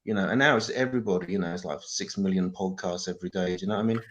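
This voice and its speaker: A man in his forties speaking excitably in a casual chat, stammering and restarting his sentences. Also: sits low, rapid-fire. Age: 40s. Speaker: comedian guest.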